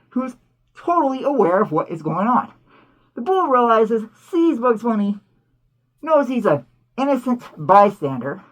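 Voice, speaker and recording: A woman hosting a cartoon commentary, talking in an animated, indignant way full of rhetorical questions. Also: fairly high pitch. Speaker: host.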